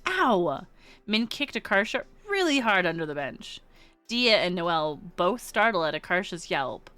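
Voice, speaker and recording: A woman's voice: lowish voice, big pitch swings, normal speed, sharp tone, clean tone, no echo, faint music behind. A woman streamer casually reading game text aloud, giggling now and then. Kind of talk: reading a visual novel aloud.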